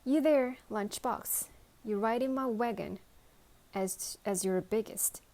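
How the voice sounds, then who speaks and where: A loud toy knight who calls out orders in a commanding tone, put on by a woman reading a storybook. The voice is pushed higher than her narration, and the pace is slow.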